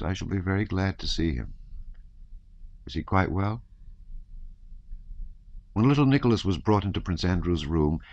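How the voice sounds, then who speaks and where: Male audiobook narrator, very deep voice, measured literary reading, dry close sound. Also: no room sound. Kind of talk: scripted narration of a classic novel. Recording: slightly dull, dry recording.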